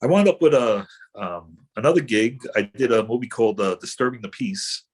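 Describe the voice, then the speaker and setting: A man's voice: medium pitch, animated, normal speed, husky. A middle-aged man, an actor guest, telling rambling anecdotes in casual chat with many fillers and restarts.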